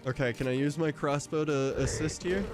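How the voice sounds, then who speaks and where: A man's voice: fairly high pitch, normal speed. A man casually commenting on his gameplay as a streamer, joking, laughing often and swearing now and then. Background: game music.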